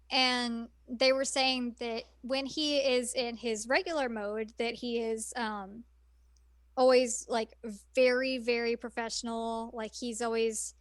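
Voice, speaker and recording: Woman, podcast co-host, casual anime chat, rambling with fillers, fairly high voice, dry close sound. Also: fairly bright tone, clear, resonant tone, dry recording. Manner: rambling, many fillers and restarts.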